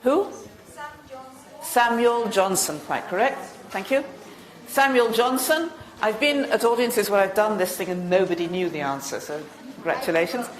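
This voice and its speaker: A woman from Britain runs a quiz-style teacher workshop, firing off questions and confirming answers in a brisk, encouraging way. Her voice sits at a middle pitch. The room around her is echoey. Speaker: teacher trainer.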